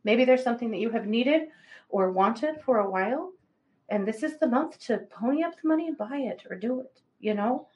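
A woman's voice: a little high, moderate pace, lo-fi sound. Chatty woman giving astrology readings. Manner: chatty, animated, laughs often. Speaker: psychic reader, co-host. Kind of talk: casual astrology reading on a livestream.

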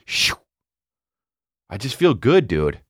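Animated, foul-mouthed man telling a story. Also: mid-range voice, slow pace, slightly rough, no room sound, studio quality. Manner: profane, animated, swings between mumbling and shouting. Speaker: comedian. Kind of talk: casual storytelling.

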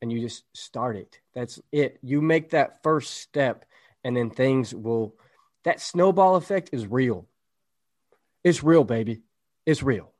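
A man's voice: medium pitch, animated, slow, darkish tone. A man co-hosting a podcast, talking in a casual, emphatic, motivational way and checking in with "right?". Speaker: podcast co-host.

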